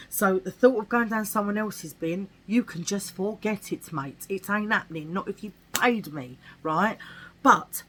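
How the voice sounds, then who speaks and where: The audio is poor, but you can hear a mid-range female voice. She's an English vlogger casually and animatedly chatting about things she picked up shopping, sprinkling in slangy asides.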